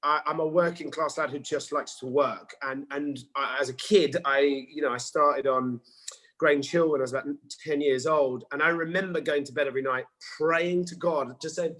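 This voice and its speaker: A man's voice: on the high side, a little fast, poor audio. A man in his forties from England, a guest in a casual interview, telling stories with animation and acting out quotes. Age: 40s. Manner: animated storyteller, acts out quotes. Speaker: actor and guest.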